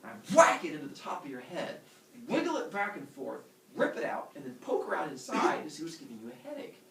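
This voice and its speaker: A man as a calm blacksmith god. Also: fairly high pitch, fairly quick, gravelly, exaggerated voice. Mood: matter-of-fact. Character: matter-of-fact male blacksmith god. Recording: roomy classroom from far off.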